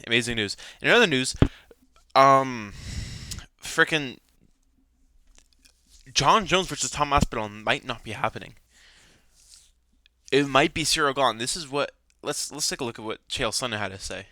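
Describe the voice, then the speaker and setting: A man's voice: mid-range voice, animated, normal speed, pauses often, bright, forceful tone, no echo. A young man ranting angrily about fights, swearing and repeating himself. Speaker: MMA commentator. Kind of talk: ranting fan commentary.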